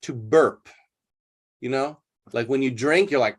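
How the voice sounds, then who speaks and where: A man's voice: mid-range voice, unhurried. A man teaching English, retelling a play and explaining words in plain terms. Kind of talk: literature lesson retelling a play.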